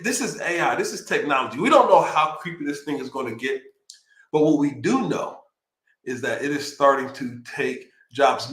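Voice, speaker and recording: A man hosting a live show, talking in a loose, rambling, excitable way. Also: mid-range voice, roomy sound. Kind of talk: casual livestream talk. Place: home streaming setup near Austin, Texas.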